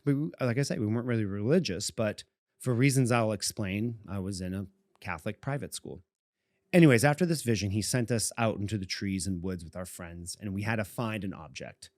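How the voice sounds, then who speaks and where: A little fast and lowish, with a darkish tone, a Boston man in his forties meanders through a lengthy personal story as a podcast co-host, frequently chuckling. The studio-quality audio has no room sound.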